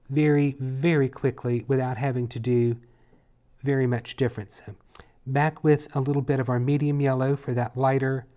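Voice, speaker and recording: A man teaching a painting lesson in a relaxed tutorial, chatty and playful as he talks while he works. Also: mid-range voice. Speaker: painting instructor.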